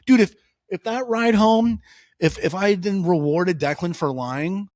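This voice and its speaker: A man's voice: high-pitched, unhurried, no echo, studio quality. A man in his thirties co-hosting a casual political podcast, telling stories with lots of energy and acting out the dialogue. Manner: animated storytelling, acts out dialogue. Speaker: podcast co-host.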